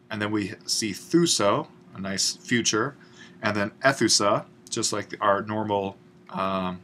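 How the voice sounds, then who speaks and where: A man with a fairly low voice walks students through a grammar exercise in a patient, explanatory way. He stops and restarts often and fills gaps with little "uh"s as he thinks aloud. A faint hum of room ambience sits under the voice. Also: bright, forceful tone. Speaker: Greek instructor. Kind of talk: online grammar lesson.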